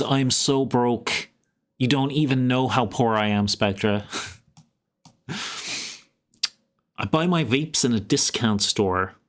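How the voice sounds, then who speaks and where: A young man with an Irish accent hosts a tabletop game for his online viewers. He talks slowly and unhurriedly in a middle-pitched voice. His chat is laid-back and easygoing, often broken up by chuckles. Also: a bit bright. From Ireland. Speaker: game master and streamer. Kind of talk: casual live-stream chat while running a tabletop game.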